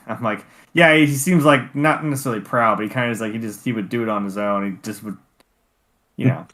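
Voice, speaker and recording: A man's voice: medium pitch, brisk, fairly bright tone. A man co-hosting a casual podcast, thinking aloud in a hesitant, meandering way with casual swearing. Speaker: podcast co-host. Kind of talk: casual chat.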